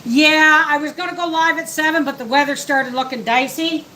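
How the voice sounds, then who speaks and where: A woman's voice: sits high, fairly even intonation, normal speed, pushed and bright, a little hiss or hum, rough recording. A middle-aged woman hosting a homestead live stream, chatting in a rambling way while she works and answers viewers. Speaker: homestead livestream host. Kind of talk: casual live-stream chat while working.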